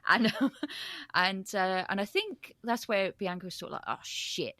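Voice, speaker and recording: A woman's voice: mid-range voice, measured pace, a bit bright, no echo, studio quality. A woman co-hosting a podcast in casual chat, rambling and gushing with many ums. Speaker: podcast co-host.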